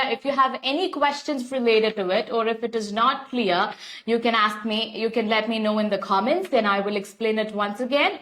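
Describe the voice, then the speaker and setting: Her voice sits a little high and a bit bright, with an Indian English accent. This young woman is teaching English to a live online class, spelling out each step and going over things repeatedly. She pauses to thank viewers by name.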